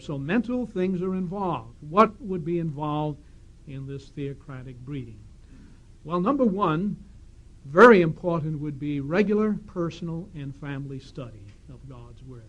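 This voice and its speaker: A man giving a sermon in a congregation hall, reading scripture aloud and putting questions to the audience. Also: on the high side. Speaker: congregation speaker. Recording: dull lo-fi 1970s tape.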